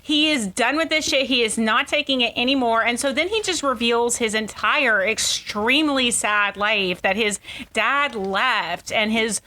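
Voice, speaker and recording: A woman talking casually on a podcast, walking through a film's story with sympathy and agreeing easily. Her voice is fairly high and notably bright. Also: unhurried. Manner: chatty, sympathetic, agreeing often. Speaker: podcast co-host. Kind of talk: casual movie recap chat.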